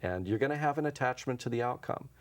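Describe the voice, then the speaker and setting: A man speaks quickly and expressively in a mid-range voice. Being interviewed in a local TV studio about his work as an intuition teacher, he tells laid-back anecdotes, acts out what was said and chuckles repeatedly.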